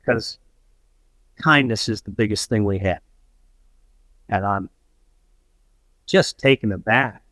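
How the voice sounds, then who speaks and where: A man, a podcast guest, telling a story in a conversational way, often pausing and restarting as he acts out what others said. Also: fairly low pitch, fairly bright tone, no echo. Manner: anecdotal, acts out quoted dialogue with halting restarts.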